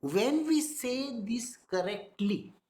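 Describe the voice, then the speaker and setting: A man giving a spiritual discourse, speaking slowly, sounding out words and often checking whether listeners follow. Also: very high-pitched, expressive, a little mellow, roomy sound. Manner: slow, demonstrates pronunciation, asks listeners if they follow. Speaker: spiritual teacher.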